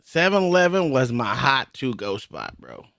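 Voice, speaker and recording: Lively, dry-sounding talk-show man. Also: medium pitch, moderate pace, creaky, no room sound. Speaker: podcast co-host. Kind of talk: casual chat.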